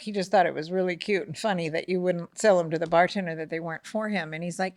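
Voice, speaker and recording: A middle-aged woman telling a family story in casual podcast chat, animated, acting out the voices of the people in it and often asking "right?". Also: fairly low pitch, quick pace, few pauses, no room sound, clean studio sound. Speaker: podcast co-host, mother of the host.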